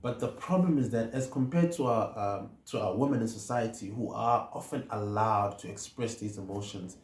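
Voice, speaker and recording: A man with a South African accent, a counselling psychologist, telling a personal story in a measured, hesitant way with many fillers. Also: on the low side. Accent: South African English. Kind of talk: reflective personal talk. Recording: echoey room with faint noise.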